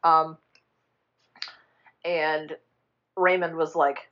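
A woman in casual chat, retelling a film plot in a rambling, animated way, jumping into quick character voices and swearing freely. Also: fairly low pitch, lo-fi sound. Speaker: podcast co-host retelling a film.

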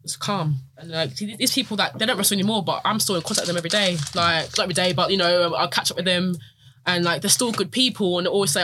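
A young woman rattles along at a quick clip, piling up fillers as she chats. Her voice comes across bright and lively, with a light hiss underneath. It sounds like a loose, casual podcast conversation. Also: fairly low pitch. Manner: fast and chatty, lots of fillers. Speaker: wrestler guest.

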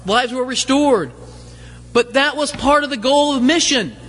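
A man's voice: very high voice, unhurried, a bit bright. A man preaching a sermon as pastor, conversational, full of rhetorical questions and light humorous asides. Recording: long hall reverb.

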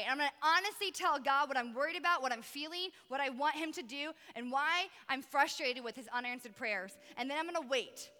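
A woman youth pastor giving a lively, conversational sermon with emphatic pauses. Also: high-pitched, long reverb tail.

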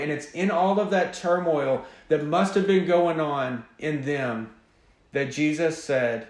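Earnest pastor preaching in an echoey room. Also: male voice, a little high, measured pace. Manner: earnest, emphatic preaching with a quiet prayer opening. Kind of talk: sermon.

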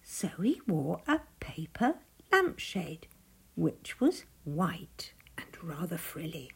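A woman reading a rhyming picture book aloud, gentle, often dropping to a hushed near-whisper. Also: lowish voice, sing-song, takes it slowly, gravelly, breathy edge. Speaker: storyteller.

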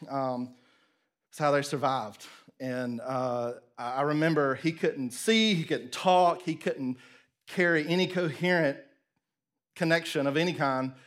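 Animated preacher man. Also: on the high side. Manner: animated storytelling, acts out voices, drops to near whisper. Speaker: pastor. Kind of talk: sermon.

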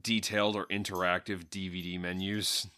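A man's voice: low-pitched, flat delivery, moderate pace, pushed and bright, smooth. A young man co-hosting a podcast, casual chat with a dry, wry, opinionated manner. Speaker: podcast co-host.

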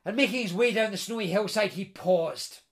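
Male storyteller, animated, high-pitched voice, stammers for effect. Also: moderate pace. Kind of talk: oral storytelling to listeners.

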